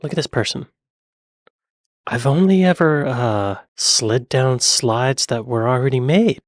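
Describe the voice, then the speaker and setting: A man's voice: medium pitch, expressive, a little slow, no echo, clean studio sound. Chatty man reacting. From United States. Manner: chatty, joking asides, laughs often. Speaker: reaction video host. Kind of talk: casual reaction commentary.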